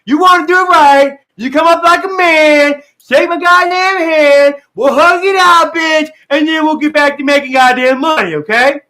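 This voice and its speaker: A man impersonating a bossy, foul-mouthed older man who shouts and swears and talks about money. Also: very high voice, normal speed, hardly any pauses, voice pushed up. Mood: angry. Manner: shouting, swearing, hot-tempered.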